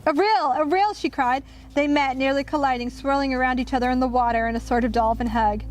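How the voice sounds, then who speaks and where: A woman's voice: sits high, flat delivery, fast. Woman reading a storybook aloud. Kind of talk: storybook read-aloud narration.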